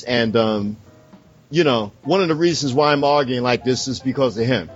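With a mid-range, slightly breathy voice at normal speed, a man from the United States rants profanely and impassionedly about politics, getting louder as he argues. The audio is dull, with faint background music.

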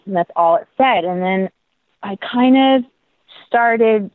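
A middle-aged woman recounts her story as a guest, her telling animated and full of quick asides and self-corrections. She comes through a thin, tinny phone line. The sound is dry, with no room around her voice. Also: medium pitch, dry recording. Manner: animated, lively retelling with quick asides and restarts. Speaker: interview guest, dancer. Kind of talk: casual storytelling in an interview.

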